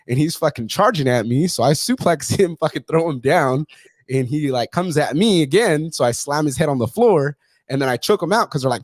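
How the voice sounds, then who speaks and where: A man's voice: a little high, expressive, moderate pace, dry recording. A man hosting a podcast, telling stories in a casual, blunt way full of swearing and acted-out quotes. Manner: profane, blunt, swears constantly; acts out other voices in his stories. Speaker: podcast host. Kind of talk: casual storytelling chat.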